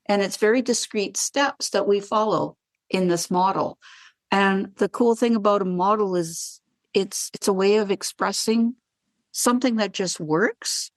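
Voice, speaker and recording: A woman, a guest wellness practitioner on a podcast interview, who tells animated stories and acts out the dialogue. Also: medium pitch, no echo. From Canada.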